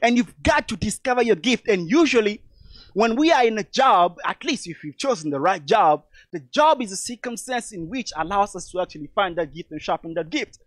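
A man's voice: high voice, animated, fairly quick, dry recording. Emphatic motivational speaker, a man. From Togo. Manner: emphatic, repetitive, addresses audience as lovely people. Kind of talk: motivational speech.

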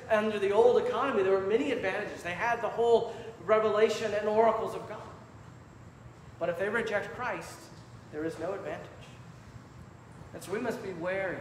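A man preaching a sermon from the pulpit with emphatic, measured delivery. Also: high-pitched. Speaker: pastor. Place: church sanctuary. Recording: echoey church hall with faint room noise.

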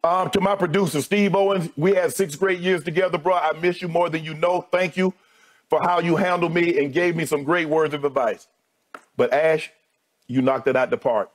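His voice sinking lower as he talks, a middle-aged sports debate co-host gives a heartfelt on-air farewell and thanks his colleagues one by one. The tone stays steady and the pace moderate.

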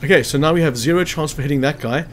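A man's voice: fairly high pitch, fast talker, soft background music. A man casually commentating a strategy game walkthrough, chatty and thinking aloud as he checks hit chances. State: hiccuping after lunch. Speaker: gameplay commentator.

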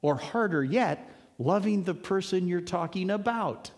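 A man's voice: sits high, expressive, measured pace. A male pastor giving an earnest, conversational sermon, driving points home with emphatic repetition. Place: church sanctuary. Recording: long hall reverb.

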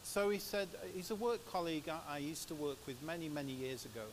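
English guy preaching in church, chatty storyteller, slightly high voice, hissy recording. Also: fast talker, poor audio. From England. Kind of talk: sermon with personal stories. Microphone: microphone. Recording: steady background hiss.

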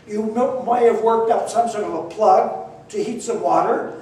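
An older man telling a personal story in an animated, self-deprecating way, acting out the dialogue himself. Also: sits high, normal speed, hardly any pauses. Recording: echoey room, distant mic, faint noise.

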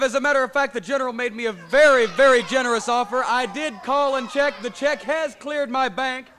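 Smug manager guy, snooty promo, bright voice. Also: extremely high pitch. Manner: smug, sneering. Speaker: wrestling manager. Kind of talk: wrestling promo.

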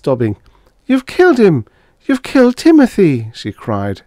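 A man reading vintage science fiction aloud as an audiobook narrator, with expressive, dramatic storytelling. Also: on the low side, no echo, clean studio sound.

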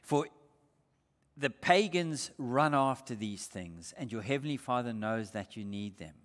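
A man's voice: medium pitch, expressive, a little slow, fairly bright tone. A male pastor from Australia preaching a sermon in an earnest, emphatic way, asking the congregation rhetorical questions. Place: church sanctuary. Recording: long hall reverb.

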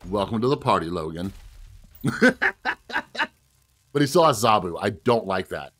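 A man casually commentating his own card game play and chatting directly to his viewers, with sudden bursts of excitement. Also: fairly low pitch, measured pace, soft background music. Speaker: gaming video host.

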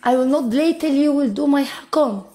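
A woman's voice: sits high, a little fast, mellow. Insistent woman on a TikTok live. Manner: insistent, repeats phrases, mixes Arabic into English. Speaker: TikTok live match player. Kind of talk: casual live-stream banter in broken English.

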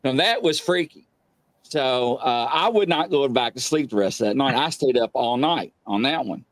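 A middle-aged man, appearing as a guest to describe paranormal happenings, spins a casual ghost tale full of loud, animated impressions of what people said. The medium-pitched voice moves at an ordinary pace with no echo.

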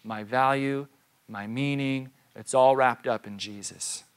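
Casting note: pastor in his thirties, mid-pitched male voice, talks to the congregation like a storyteller. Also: a little slow, smooth. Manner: conversational storytelling with rhetorical questions. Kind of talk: sermon. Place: church.

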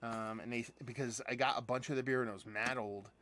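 A man's voice: medium pitch, fairly even intonation, brisk, fairly bright tone, a little hiss or hum. A man hosting a casual live beer unboxing, chatty and rambling, with lots of fillers and restarts and some casual swearing. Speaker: beer reviewer and channel host.

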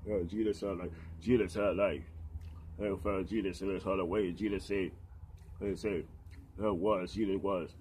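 Halting low-voiced man preaching. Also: fairly even intonation, darkish tone, slight background noise. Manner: halting, filler-heavy, repetitive. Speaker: street preacher. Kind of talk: rambling preaching testimony.

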